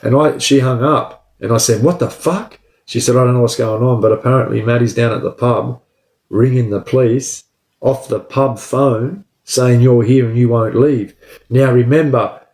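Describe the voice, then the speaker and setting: A man telling a story from his own life, casual and profane, tagging lines with "bro" and "right?". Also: medium pitch. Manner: profane, animated, says "bro" and "right?" constantly. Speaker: storyteller recounting his prison escape. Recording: roomy echo.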